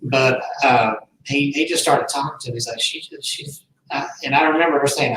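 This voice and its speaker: A man's voice: mid-range voice, normal speed, a bit bright. A man, telling a personal story to a host in an earnest, rambling, heartfelt way. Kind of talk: casual storytelling. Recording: roomy, distant mic, faint noise.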